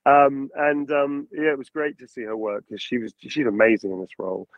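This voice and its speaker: A man's voice: mid-range voice, brisk, dry recording. A man, a voice actor, chatting casually in an interview and dipping into character voices to make his points. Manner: animated, slips into character voices for examples. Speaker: voice actor guest. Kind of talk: casual video call interview. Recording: dull lo-fi dry sound.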